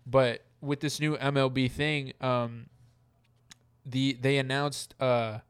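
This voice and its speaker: A man's voice: medium pitch, little pitch movement, takes it slowly, smooth. A man co-hosting a casual chat podcast, talking loosely with lots of fillers and the odd swear word. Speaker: podcast co-host.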